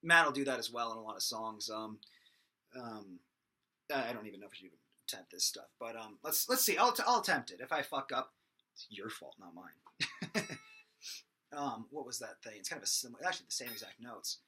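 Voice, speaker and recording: A man's voice: mid-range voice, animated, a little fast, sharp tone, husky. A young man giving a casual, rambling singing lesson, full of fillers and restarts. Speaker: singing teacher. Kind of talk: casual vocal lesson with sung demonstrations.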